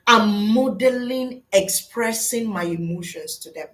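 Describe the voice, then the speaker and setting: A woman's voice: mid-range voice, measured pace, fairly bright tone, roomy sound, rough recording. A middle-aged woman, a school psychologist, giving a webinar lesson to teachers in an earnest, teacherly way and answering her own rhetorical questions.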